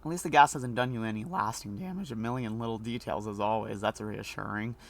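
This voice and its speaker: A man's voice: lowish voice, a little fast, creaky, slight background noise. A man streaming a video game, reading the dialogue aloud and joking between lines. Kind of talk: let's play commentary.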